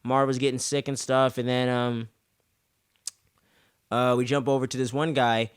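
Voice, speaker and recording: Man, young adult, casual profane recap, filler-heavy, smooth voice, mid pitch. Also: little pitch movement, normal speed, dry recording, studio quality. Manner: loose and profane, acts out characters' lines in exaggerated voices. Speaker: podcast host recapping an episode.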